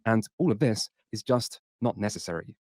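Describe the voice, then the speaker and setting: Sarcastic guy on a podcast, kinda low voice, dry mic. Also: animated, normal speed, darkish tone, no room sound. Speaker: podcast panelist. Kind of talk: sarcastic panel chat.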